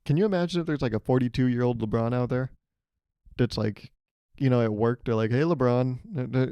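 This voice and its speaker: A man's voice: medium pitch, a little fast, warm tone, clear, resonant tone, dry recording. Rambling, jokey young man on a podcast. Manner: rambling, jokey, self-mocking, laughs at own jokes. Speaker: podcast host. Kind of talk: solo comedic podcast monologue. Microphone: studio microphone, hears himself in headphones.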